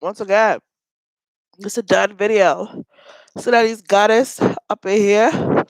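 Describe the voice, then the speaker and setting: A woman's voice: medium pitch, steady tone, slow pace, long pauses, no room sound, poor audio. A woman hosting a casual mukbang livestream from home, chatty and giggling at her own jokes, with a stuffy nose.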